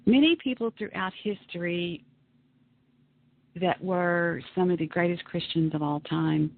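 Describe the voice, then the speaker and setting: A woman's voice: on the low side, a little slow, creaky. Woman ranting over a tinny line. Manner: emphatic, ranting, self-dramatizing. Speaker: talk radio host. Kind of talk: casual monologue on internet radio. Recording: tinny phone-line radio broadcast.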